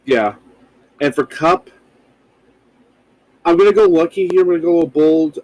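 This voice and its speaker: A man's voice: a little high, normal speed, darkish tone, no echo, rough recording. A man co-hosting a casual podcast, talking loosely with frequent swearing and rambling asides. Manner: loose, profane, rambling with fillers. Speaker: podcast co-host.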